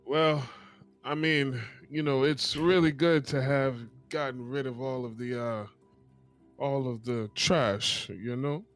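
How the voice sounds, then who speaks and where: A man's voice: mid-range voice, fairly even intonation, slow, soft background music, natural voice. A man voicing a proud female elf queen with a Jamaican accent, stately and lilting. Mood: warm regal.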